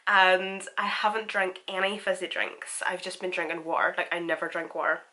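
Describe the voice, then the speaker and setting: Woman, twenties, sick, nasal voice, chatty makeup tutorial, laughs a lot, lowish pitch. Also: little pitch movement, normal speed, bright, forceful tone, low-quality recording. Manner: chatty, laughs often, self-deprecating. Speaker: makeup vlogger. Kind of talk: casual makeup tutorial chat.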